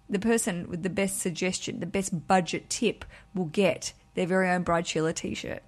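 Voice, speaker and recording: A woman's voice: lowish voice, fairly even intonation, moderate pace. A woman hosting a podcast in a casual chat, chatty and bubbly, laughing often. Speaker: podcast host.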